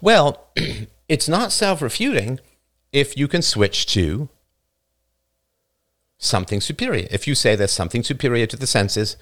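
A man's voice: mid-range voice, sing-song, a little slow, a bit bright. A man in his fifties hosting a live show, lecturing a listener in an emphatic, argumentative way with the odd chuckle. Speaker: livestream show host. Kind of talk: live show talk answering listener comments.

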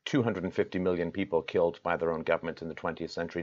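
Deep-voiced impassioned man, lo-fi. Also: fairly even intonation, racing. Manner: impassioned, rhetorical, swings from loud to quiet. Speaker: show host. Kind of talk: direct-to-camera address.

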